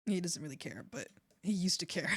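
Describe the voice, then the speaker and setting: A woman's voice: on the low side, lively intonation, a little fast, husky. A woman streamer chatting casually with her viewers, laughing often and swearing offhandedly.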